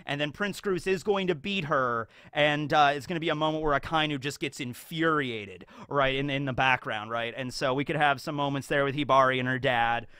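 A man's voice: mid-range voice, brisk, hardly any pauses, clear, resonant tone, no echo, studio quality. A man giving casual, rambling fan commentary as a YouTube commentator, full of fillers. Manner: rambling, filler-heavy, animated.

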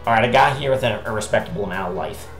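A woman hosting a let's play, exasperated and swearing as she shouts at a hard level. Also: a bass voice, rapid-fire. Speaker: gaming channel host. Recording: echoey room with faint game music.

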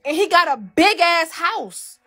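Woman, high pitch, live-stream host airing grievances; emphatic, swears freely, repeats herself. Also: animated, a little slow, bright, forceful tone. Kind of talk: emotional venting to a live audience.

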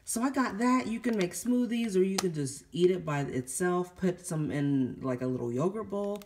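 A low-voiced woman chats breathlessly to camera about her groceries and keeps exclaiming over each find. Faint noise and the crinkle of bags sit behind her. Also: lively intonation, moderate pace, darkish tone. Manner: chatty, exclaims and laughs at her own finds. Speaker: vlogger showing a grocery haul. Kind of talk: casual chat to camera.

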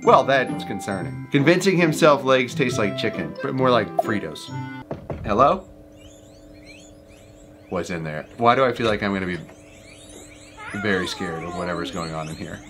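A man chats playfully through a run of animal clips, laughing often. His voice swings widely up and down in pitch, and music plays clearly behind him. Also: lively intonation, moderate pace, pauses often. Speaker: reaction video host. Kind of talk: casual commentary. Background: music playing.

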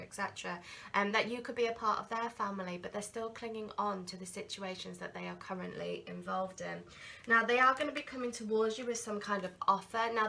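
Woman tarot reader with a cold, gravelly and bright, rambling earnestly, faint background hiss. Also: medium pitch. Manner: rambling, earnest, full of ums and restarts. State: has a cold. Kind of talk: tarot reading to viewers.

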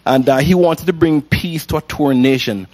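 A man's voice: a little high, moderate pace. Jamaican man, laughing gospel pianist guest. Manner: warm-hearted, laughs often, exclamatory. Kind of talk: casual faith interview.

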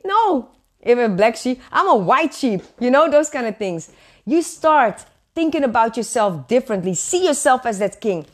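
A woman's voice: a little high, big pitch swings, moderate pace. A woman. She is earnest and encouraging, and she drives her points home by repeating phrases. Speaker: preacher. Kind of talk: live-streamed sermon. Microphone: webcam or phone on a live stream.

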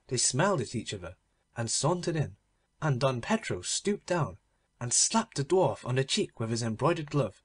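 A man reading a classic story aloud as an audiobook narrator, with expressive, dramatic delivery. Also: mid-range voice, normal speed, slightly rough.

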